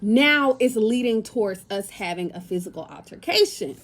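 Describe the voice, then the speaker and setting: A young woman from the United States tells a story to her viewers in a chatty, casual way. Her voice sits high, and she keeps the talk loose and full of slang. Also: big pitch swings, moderate pace, hardly any pauses, fairly bright tone. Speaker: lifestyle content creator.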